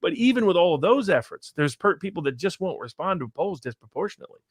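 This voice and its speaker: A man in a casual podcast discussion, explaining polling quickly with frequent restarts. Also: high voice, very animated, slightly rough, no room sound, studio quality. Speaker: pollster guest.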